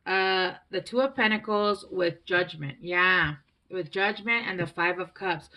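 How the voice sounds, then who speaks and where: A woman's voice: mid-range voice, unhurried, sharp tone. A woman giving a casual, rambling tarot reading, chatty and full of fillers. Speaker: tarot reader.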